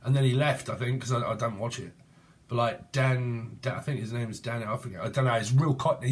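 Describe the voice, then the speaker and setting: A man's voice: mid-range voice, measured pace, pauses often. A man, giving a rambling, casual tarot reading and free-associating while swearing freely. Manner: free-associating, swears, breaks into song snatches. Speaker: tarot reader.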